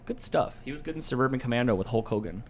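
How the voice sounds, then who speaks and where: A man's voice: medium pitch, animated, fast. Playful man hosting a live trivia show. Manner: playful, jokey, easily distracted. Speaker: trivia game show host. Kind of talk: casual live-stream hosting.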